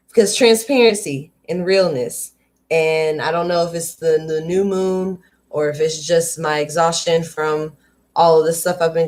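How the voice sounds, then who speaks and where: Woman, live book-reading host, candid, chatty asides, lowish voice. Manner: candid and conversational, drifting into riffs and asides to viewers. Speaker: host of a live read-aloud show.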